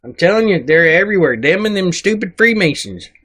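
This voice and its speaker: A man's voice: high voice, expressive, brisk, a bit bright, husky, full character voice. A man voicing a cranky, crude male dwarf sidekick who rambles, mocks and talks in rustic grammar. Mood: grumpy. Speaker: sidekick reading comments. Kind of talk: comedic comment reading.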